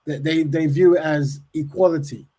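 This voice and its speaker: A man's voice: fairly high pitch, fairly even intonation, moderate pace, mellow, slightly rough. A man hosting a casual discussion who repeats words as he starts a point and often agrees with "of course".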